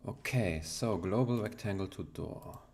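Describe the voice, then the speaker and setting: Brief: German-accented man, very low voice, unhurried live coder muttering over his typing. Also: vocal fry, a little mellow, a little hiss or hum. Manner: muttering to himself while typing, half-joking. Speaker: coding streamer. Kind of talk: live coding stream, thinking aloud. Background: keyboard typing and clicks.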